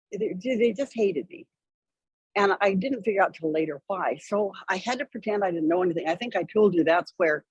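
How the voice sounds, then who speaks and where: A woman guest tells a story with a wry, lively delivery, slipping into the voices of the people she quotes. Her voice is husky and a little breathy. The sound is dry and close, with no room around it. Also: lowish voice, no room sound, dull audio. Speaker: interview guest. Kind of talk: conversational storytelling.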